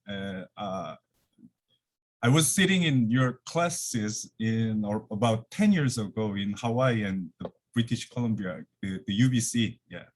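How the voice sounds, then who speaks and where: A man gives an academic lecture over a video call from his office, slightly out of breath, with many fillers and restarts. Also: medium pitch. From Korea. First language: Korean. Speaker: guest lecturer.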